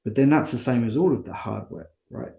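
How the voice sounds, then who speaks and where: A man's voice: medium pitch, animated, a little fast, vocal fry, warm tone, reverberant. A man as an interview guest, talking candidly and earnestly about his own life, often asking and answering his own questions. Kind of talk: candid conversational storytelling.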